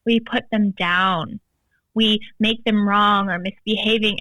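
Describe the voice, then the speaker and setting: A woman's voice: mid-range voice, steady tone, takes it slowly, pushed and bright, no echo, low-quality recording. Woman coach chatting on a podcast, emphatic, says like a lot, dry sound. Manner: emphatic, frequent "like" fillers. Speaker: guest, tantra and embodiment coach. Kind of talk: casual podcast chat.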